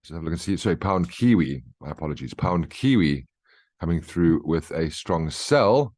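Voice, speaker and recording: A trading educator gives a casual market briefing over charts, laying out his reasoning and regularly checking in with "right?" and "okay?". His voice sits low and darkish with lively intonation at normal speed, in a dry, studio-quality recording.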